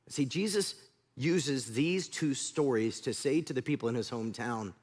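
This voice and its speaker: A man's voice: mid-range voice, normal speed, darkish tone. A male pastor preaching a sermon, telling stories animatedly and acting out scenes.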